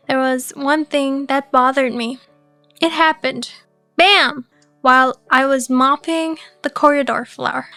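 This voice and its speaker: A woman narrating a first-person life story in an even, measured way. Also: high voice, no echo.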